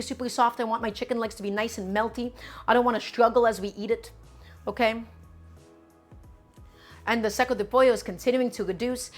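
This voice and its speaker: A woman with a fairly high voice leads a cooking demonstration from her home kitchen. She talks straight to her viewers, repeats each step and stresses the points she cares about. Soft music plays faintly underneath. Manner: emphatic, repeats instructions, addresses viewers directly. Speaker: cooking show host.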